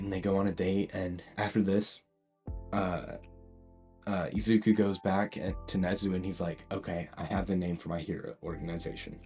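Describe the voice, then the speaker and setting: A man's voice: low voice, warm tone. A man casually retelling a fan story as a video creator, rambling and often saying "like". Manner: rambling, lots of "like" and restarts. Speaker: YouTube storyteller.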